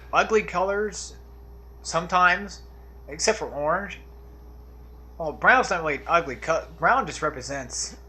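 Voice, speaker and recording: A man's voice: a little high, pushed and bright, slight background noise. A man giving casual, rambling commentary over a video game playthrough, drifting off on tangents and trailing off into mumbles. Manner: laid-back, trails off into mumbles. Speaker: let's play commentator.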